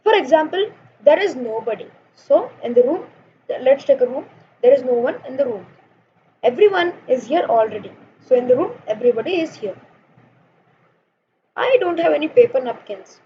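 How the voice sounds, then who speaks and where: Young woman teaching grammar online, high voice, keeps saying guys, dull lo-fi audio with faint hiss. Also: lively intonation. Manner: explains slowly with examples, fillers and "guys". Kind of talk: informal grammar lesson. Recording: dull lo-fi sound with faint noise.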